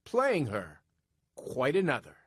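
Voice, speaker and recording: A man's voice: medium pitch, huge pitch swings, slow pace, breathy edge, dry recording, studio quality. Polished male news correspondent. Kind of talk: scripted narration and interview.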